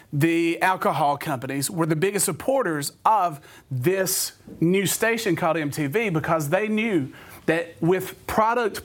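A middle-aged man, a youth minister giving a humorous talk to a youth group, telling animated stories and putting questions to his audience. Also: a little high.

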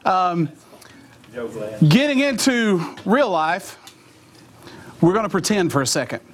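A man's voice: high-pitched, very animated, slow. A youth pastor, a man leading a live Bible study, talking casually, joking and asking the room questions.

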